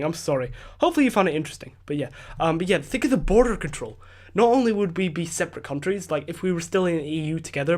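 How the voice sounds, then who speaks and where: A tired Scottish man hosting a podcast, ranting casually and rambling with many fillers and restarts from home. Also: fairly high pitch. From Scotland. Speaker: podcast host. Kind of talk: casual solo rant.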